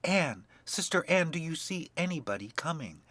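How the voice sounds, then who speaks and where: A man's voice: expressive, a little slow, a bit bright, dry recording. A man voicing a frightened young wife who begs for time and calls out in desperation. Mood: desperate. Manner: high, pleading, desperate.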